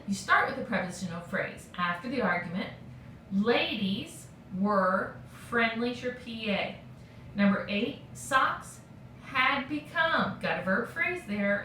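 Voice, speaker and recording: A woman teacher giving a recorded grammar lesson, patient and steady, checking in with frequent okays. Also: on the high side, a little hiss or hum. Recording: echoey room, voice from a distance.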